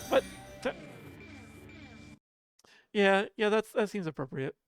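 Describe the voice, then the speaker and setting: A livestreamer chatting casually with viewers from home, laughing often and poking fun at themselves. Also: mid-range voice. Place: home apartment.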